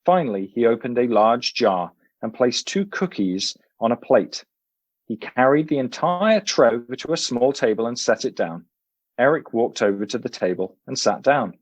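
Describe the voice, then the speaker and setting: A male author reading his book aloud, then chatting in a relaxed way as a podcast guest. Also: mid-range voice, moderate pace, no echo. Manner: relaxed and expressive, some uh fillers.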